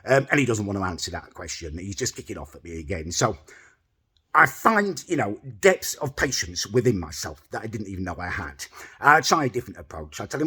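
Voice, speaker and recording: A man's voice: fairly low pitch, sing-song, fairly quick, pushed and bright, husky. A man telling an exasperated, sweary comic story to camera in a self-important way. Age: adult, older than mid-twenties. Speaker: storytelling host.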